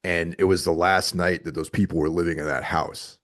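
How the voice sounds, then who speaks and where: A man as a podcast guest, telling road stories in casual chat with animated quoted asides. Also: low voice, fairly quick.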